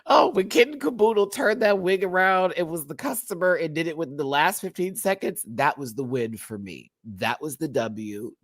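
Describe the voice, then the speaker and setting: A man's voice: fairly high pitch, moderate pace, few pauses, fairly bright tone, no echo. A man with a Southern American accent, chatting casually and laughing often as he reviews a reality TV episode. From Southern United States.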